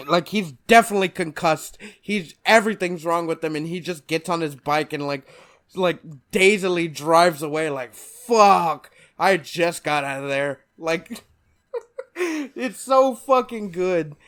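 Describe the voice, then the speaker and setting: A man's voice: high-pitched, unhurried. Laughing male podcast co-host. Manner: laughing, animated recapper who swears often. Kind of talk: casual chat.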